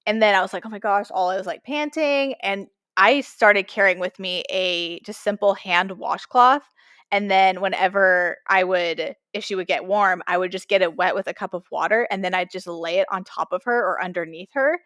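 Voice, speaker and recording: Woman, casual podcast chat, animated storytelling, mid pitch, dry. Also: moderate pace, dry recording. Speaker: podcast co-host.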